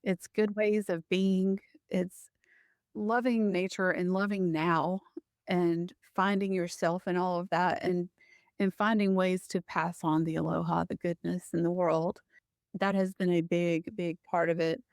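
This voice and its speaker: A woman's voice: on the low side, measured pace, dry recording. Middle-aged woman telling a story, laughs a lot, restarts, close dry sound. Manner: animated, laughing often, with many restarts. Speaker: guest. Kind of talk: personal storytelling in a conversation.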